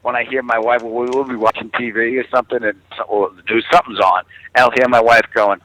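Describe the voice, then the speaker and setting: A man's voice: quick pace, no echo, rough recording. A man, a comedian telling stories as a guest on a talk show and swearing freely. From New York. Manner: animated storyteller, swears freely, acts out others in high-pitched voices. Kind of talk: casual interview chat.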